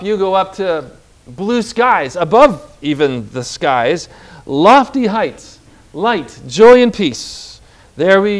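A man preaching a sermon with emphatic delivery, stretching out key words and calling on the congregation to repeat phrases. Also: sits high.

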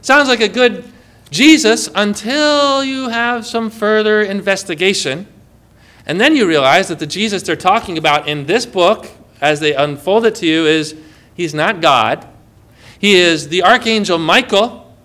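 A man preaching a sermon in an animated way, often putting questions to the congregation. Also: high voice, a little slow. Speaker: pastor.

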